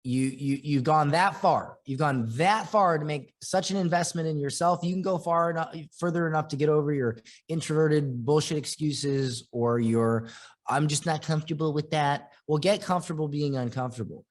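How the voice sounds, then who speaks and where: Fired-up, profane male marketing coach. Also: a little high. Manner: restless, with quick bursts and restarts. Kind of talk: motivational training talk.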